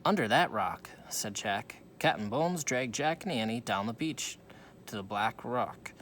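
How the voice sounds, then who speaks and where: Animated man reading a storybook. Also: mid-range voice, unhurried, slight background noise. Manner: animated, with small slips and self-corrections. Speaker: reader. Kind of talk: storybook read-aloud.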